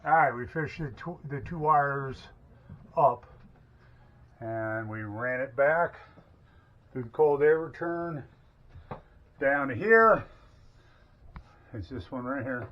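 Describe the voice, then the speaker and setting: A man's voice: medium pitch, takes it slowly, pauses often. A man co-hosting a home remodeling video, explaining electrical work in a plainspoken, casual way. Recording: echoey, dull room sound.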